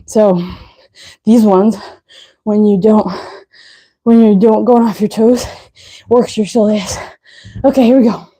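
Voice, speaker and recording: A woman's voice: mid-range voice, fairly even intonation, slow, pauses often, warm tone. A woman fitness instructor coaching a live leg workout, out of breath, counting reps aloud and giving short cues.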